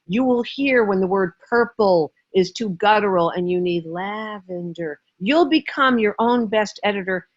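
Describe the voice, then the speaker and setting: A woman's voice: medium pitch, no echo, dull audio. A woman guest teaching writing in an interview, speaking emphatically and acting out little stories in different voices. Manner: emphatic, acts out stories in character. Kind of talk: animated interview talk.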